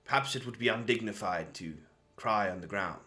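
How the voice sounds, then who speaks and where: A man's voice: lowish voice, brisk, pushed and bright. A man voicing a pompous, formal nobleman with flowery manners in a tabletop game. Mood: courtly. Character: pompous, courtly nobleman, young adult.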